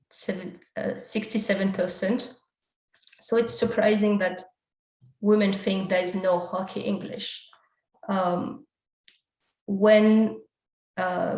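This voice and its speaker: A woman's voice: mid-range voice, vocal fry, darkish tone, roomy sound, low-quality recording. A woman giving an academic conference talk, walking through slides and explaining survey results step by step. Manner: explanatory, steps through results with frequent quotes of survey questions.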